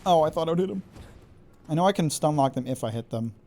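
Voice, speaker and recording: A man streaming a video game live, reacting excitably, swearing and taunting the enemies he fights. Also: a little high, fast talker, slight background noise. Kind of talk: live gameplay commentary.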